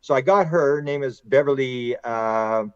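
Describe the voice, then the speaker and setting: A middle-aged man, a podcast guest and author, telling long stories in a rambling, animated way and acting out quotes. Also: medium pitch, normal speed, clear, resonant tone, no room sound, dull audio. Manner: animated, rambling storyteller who acts out quotes. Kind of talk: casual conversational storytelling.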